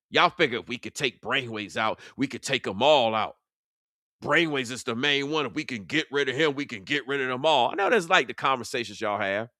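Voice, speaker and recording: A man's voice: fairly high pitch, pushed and bright, dry recording, studio quality. Confrontational man calling out rivals. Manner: confrontational, preachy, mocking. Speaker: online commentator. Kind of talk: heated reaction commentary.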